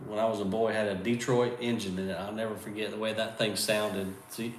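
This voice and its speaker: A man in his forties with a Southern US drawl, hosting a casual livestream chat in a relaxed, drawn-out way. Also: lowish voice. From American South. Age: 40s. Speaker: channel host. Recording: echoey room with faint noise.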